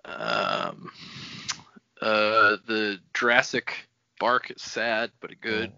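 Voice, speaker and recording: A man on a casual book podcast with an animated, bright voice that moves around a lot, laughing and teasing. The recording is dry and slightly dull. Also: lowish voice, very slow, gravelly, clean tone, no echo. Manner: lively, laughs easily, teasing. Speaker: podcast co-host. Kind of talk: casual book-club chat.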